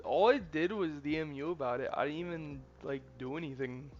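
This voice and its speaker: A man's voice: a little high, fairly quick, a little mellow, lo-fi sound. A man chatting casually to his live-stream chat while coding a game, a little defensive. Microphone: desk mic, input gain changed. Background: faint music, room fan.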